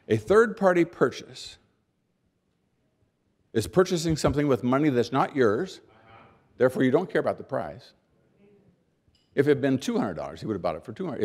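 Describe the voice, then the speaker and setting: An older American man delivers a keynote speech in a folksy, storytelling way, acting out small everyday scenes. He leans on pauses for emphasis and often repeats or restarts words as he builds his point. His voice sits at an ordinary middle pitch. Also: slightly rough. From United States. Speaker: keynote speaker.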